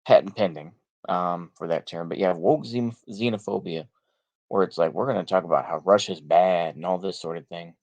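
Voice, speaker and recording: A man with a Texan accent talks in a rambling, off-the-cuff monologue, full of fillers and verbal tics. He is blunt and sarcastic and swears freely, and his voice sits a bit on the low side. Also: normal speed, darkish tone, dull audio. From United States. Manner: rambling, many fillers and repeated "like I say". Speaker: political commentary vlogger. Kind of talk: casual monologue.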